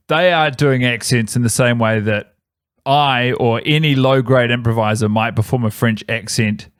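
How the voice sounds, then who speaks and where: A man's voice: medium pitch, clear, resonant tone, dry recording, clean studio sound. Chatty New man, rambling. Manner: rambling, self-correcting, animated storytelling. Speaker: podcast co-host. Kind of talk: casual chat.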